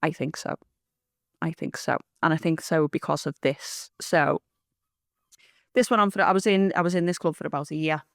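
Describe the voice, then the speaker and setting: Gravelly woman telling a story. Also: low voice, no echo, clean studio sound. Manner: blunt, swears freely, fast rambling. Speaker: interviewee giving testimony. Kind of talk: candid storytelling.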